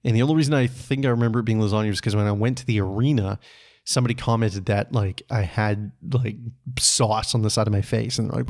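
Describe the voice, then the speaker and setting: A man from Canada telling a personal story on his podcast in a relaxed, conversational way, chuckling often and swearing casually. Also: lowish voice, fast talker. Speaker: podcast host.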